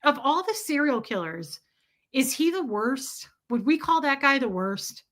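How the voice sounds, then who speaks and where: A young adult woman hosts a casual livestream, chatting emphatically and reading out viewers' super chats. Her voice is high, a bit bright and unhurried, with big pitch swings.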